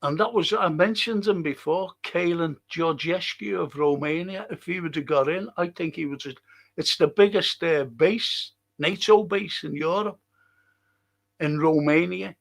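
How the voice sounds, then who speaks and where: A man's voice: on the high side, a little slow, gravelly. A man, older, hosting a podcast in casual rambling talk and chuckling through his stories. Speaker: podcast host.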